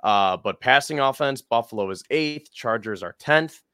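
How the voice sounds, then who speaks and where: A man's voice: mid-range voice, expressive, moderate pace, sharp tone, clear, resonant tone, no room sound, clean studio sound. A man co-hosting a sports podcast, rambling a bit as he reads off team stats. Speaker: podcast co-host. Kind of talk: casual sports podcast chat.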